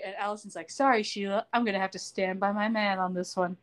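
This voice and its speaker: A woman's voice: mid-range voice, a little fast. A woman hosting a podcast, recapping a TV episode in casual chat and acting out the characters' lines. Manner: animated storytelling, acts out quoted lines.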